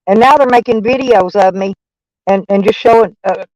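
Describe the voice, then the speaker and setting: A woman's voice: medium pitch, normal speed, darkish tone, no echo, rough recording. Rambling Texan woman live-streaming. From Texas. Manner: rambling, profane, folksy. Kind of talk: casual live-stream chat.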